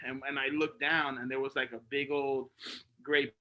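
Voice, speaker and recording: Speaking at a memorial, this man spins animated, casual anecdotes, performing the characters' lines and breaking into laughter along the way. Slang and filler words run throughout. His mid-range voice moves at a normal speed, and the audio quality is poor.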